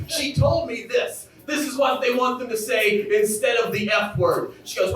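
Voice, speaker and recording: A man in his thirties doing a stand-up comedy set, with a punchy, shouted delivery to a crowd. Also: extremely high pitch, a little slow. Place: comedy club stage with a live audience. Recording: echoey club from far off, crowd noise.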